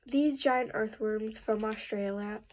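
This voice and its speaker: Slow woman reading aloud carefully. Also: a little high. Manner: slow, careful reading with restarts and rising ends. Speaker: reading student.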